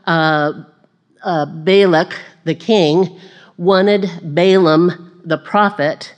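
A woman giving a conversational sermon, chatty and self-deprecating, with laughing asides, and growing animated as she retells stories. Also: fairly low pitch.

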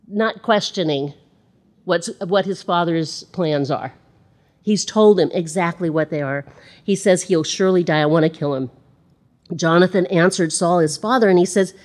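A woman's voice: lowish voice, measured pace. A woman giving a conversational sermon, reading scripture aloud and adding chatty asides. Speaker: Bible teacher.

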